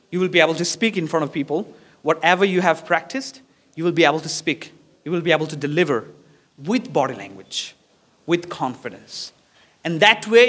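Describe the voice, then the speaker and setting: A man's voice: fairly high pitch, fairly bright tone. A male English teacher with a Bangladeshi accent giving a classroom lesson on presentation skills, encouraging and repetitive, demonstrating poses as he talks.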